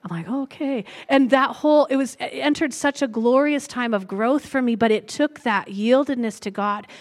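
A middle-aged woman gives an earnest, reflective sermon in a slightly high voice. She slows down to stress key lines and speaks with heartfelt conviction. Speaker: preacher. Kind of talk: sermon with personal testimony.

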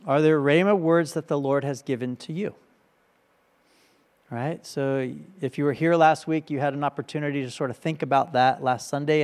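A male pastor giving a conversational sermon, often checking in with his listeners by asking "right?". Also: mid-range voice.

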